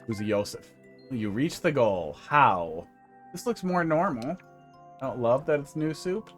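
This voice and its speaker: A man streams a level-building game, with a mid-range voice, lively intonation and a measured pace over faint background music. He chats casually and rambles, cracking jokes as he plays and sometimes humming to himself, in the style of relaxed live-stream commentary.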